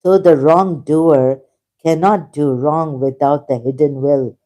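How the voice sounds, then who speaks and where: A man hosting a rambling livestream monologue, emphatic and indignant, halting often with fillers. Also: fairly high pitch, fairly even intonation, mellow. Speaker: channel host.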